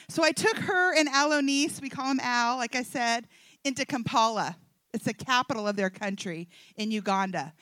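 Middle-aged woman speaker, high and bright, dry close sound, animated storyteller acting out every voice. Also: moderate pace, dry recording. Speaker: speaker at a Christian event. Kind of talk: humorous testimony talk to an audience.

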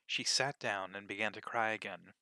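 Man reading a storybook aloud, very bright tone, dry close sound, expressive and measured. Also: fairly low pitch, no room sound. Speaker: narrator.

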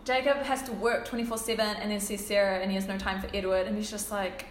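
A woman's voice: mid-range voice, flat delivery, fast, reverberant, slight background noise. Rambling young woman retelling a story. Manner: rambling storytelling with many fillers, laughing often. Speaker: friend retelling a fanfic plot. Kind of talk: casual chat among friends.

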